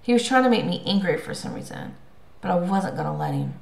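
A woman tells a first-person story aloud with lively pacing and expression. Her voice sits at a middle pitch for a woman. The recording carries a noticeable roomy echo. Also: quick pace, vocal fry. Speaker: audiobook narrator. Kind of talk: first-person audiobook narration.

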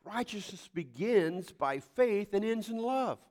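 An older man preaching a sermon, folksy and animated, telling homespun stories and sometimes breaking into loud outbursts. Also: high voice, measured pace. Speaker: pastor.

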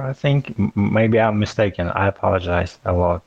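A man co-hosting a podcast, chatting casually in a hesitant, halting and apologetic way. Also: lowish voice, vocal fry, dull audio, a little hiss or hum. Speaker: podcast co-host. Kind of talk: casual chat.

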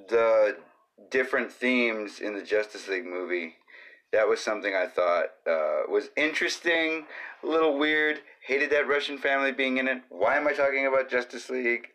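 A man hosting his own solo podcast, talking off the cuff in a rambling, jokey way with quick asides. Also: mid-range voice, sharp tone. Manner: rambling, jokey, jumps between silly voices and asides. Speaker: podcast host.

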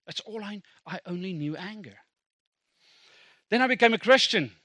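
A man's voice: sits high, animated, normal speed, bright, forceful tone, no room sound. A middle-aged South African man, a native Afrikaans speaker, preaching a sermon as a pastor in a conversational, self-deprecating way with asides to the congregation.

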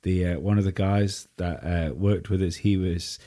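A man's voice: low voice, steady tone, moderate pace, warm tone, dry recording, studio quality. A man hosting a podcast, telling stories in a rambling way with many restarts. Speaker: podcast host. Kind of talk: casual podcast chat.

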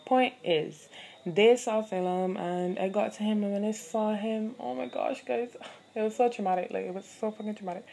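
Her mid-range voice has a warm tone as this young adult woman tells a story on her own podcast. She's candid and chatty, profane at times, and fills her talk with fillers.

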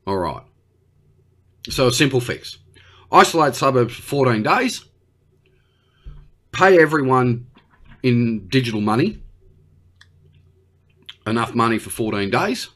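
A man's voice: mid-range voice, animated, unhurried, pauses often, fairly bright tone. An Australian man doing a brash, slangy one-sided comedy conversation with an unheard partner. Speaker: comedy podcast host.

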